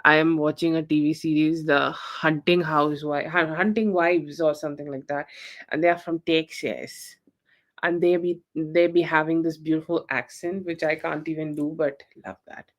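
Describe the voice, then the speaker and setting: Low-voiced woman giving a rambling tarot reading. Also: flat delivery, normal speed. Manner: rambling, tags lines with "okay" and "you know". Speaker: tarot reader. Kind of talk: live-streamed tarot reading.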